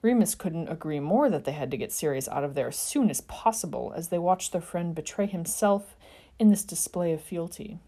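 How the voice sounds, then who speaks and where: Woman storyteller, expressive and dramatic, dark low tone. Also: moderate pace. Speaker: fan fiction reader. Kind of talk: storybook narration.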